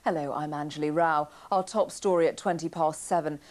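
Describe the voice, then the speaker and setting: Low-voiced woman news anchor. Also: fairly even intonation. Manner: measured, formal delivery. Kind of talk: read news bulletin.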